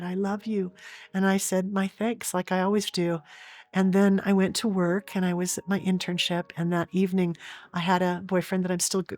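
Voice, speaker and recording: A woman's voice: lowish voice, darkish tone. A middle-aged woman from Oregon, an interview guest telling a personal story earnestly, with frequent restarts. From Oregon, USA.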